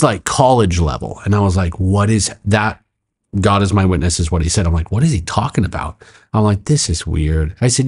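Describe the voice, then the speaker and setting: A middle-aged man, a pastor, telling a story in a podcast conversation, narrating quickly and acting out the quoted speech with sudden jumps in pitch. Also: darkish tone. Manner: fast, emphatic narration with frequent "like" and "I'm like".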